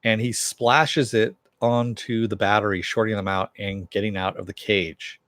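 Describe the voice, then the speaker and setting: A TV reviewer with a fairly low, slightly bright voice and fairly even intonation recaps an episode at a moderate pace. He loosely retells it, paraphrasing lines with "he goes" and using many "uh" fillers, on a dry recording with clean studio sound.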